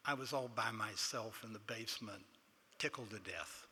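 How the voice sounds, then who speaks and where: A man's voice: on the low side, moderate pace, pushed and bright, breathy edge. An older man with a Texan accent giving an award acceptance speech, telling a self-deprecating story and quoting others in dialogue. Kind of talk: anecdotal speech. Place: large banquet hall. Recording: long hall reverb, faint room noise.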